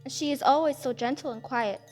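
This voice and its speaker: A woman's voice: sits high, a little fast, a little mellow, faint music behind, lightly acted. A woman reading aloud, voicing a fond, indulgent aristocratic mother who gushes over her children. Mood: doting.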